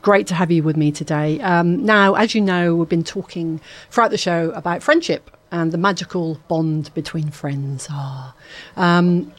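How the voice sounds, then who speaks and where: Woman radio presenter, chatty and upbeat, somewhat low voice, studio mic. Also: moderate pace. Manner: chatty and upbeat, with frequent ums. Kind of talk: live radio DJ chat.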